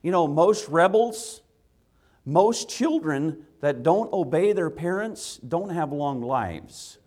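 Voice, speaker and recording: A man, a father, preaching a sermon to children, swinging from loud impassioned rises to quiet earnest asides. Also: fairly high pitch, lively intonation, slow. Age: adult with children. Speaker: pastor.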